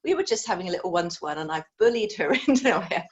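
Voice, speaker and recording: A woman's voice: fairly low pitch, very animated, quick pace, muffled recording. A woman hosting her show, effusive and rambling as she talks with a guest, often correcting herself mid-sentence. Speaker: show host. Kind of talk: enthusiastic interview.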